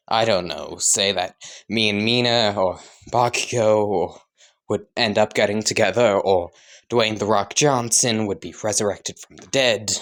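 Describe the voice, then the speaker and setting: A man casually improvising and rambling through a fan story, full of fillers and side comments. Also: fairly low pitch. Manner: rambling, giggly, lots of "like".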